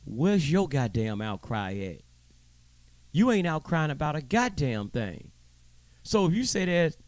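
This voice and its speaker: A man's voice: medium pitch, big pitch swings, a little slow, a little mellow, no echo. A man hosting his own show, delivering a heated, profane commentary monologue with preachy emphasis and stammering repeats. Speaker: show host.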